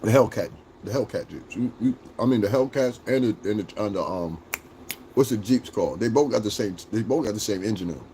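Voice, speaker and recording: A man livestreaming casual chat with his viewers, joking, swearing and laughing often as he rambles and acts out quick bits. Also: lowish voice, lively intonation, mellow, slight background noise. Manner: talks straight to chat, rambling with restarts.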